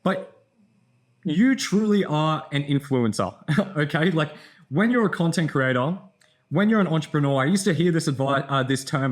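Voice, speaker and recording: Tired young guy vlogging, rambly, swears a lot, kinda high voice. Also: lively intonation, moderate pace. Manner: rambling, frequent fillers and swearing. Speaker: content creator. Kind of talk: casual storytelling vlog.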